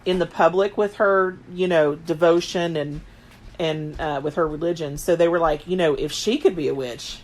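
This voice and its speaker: Speaking at a moderate pace in a low, steady, somewhat dark voice, this late-thirties podcast co-host chats casually about history. She rambles and leans heavily on filler words.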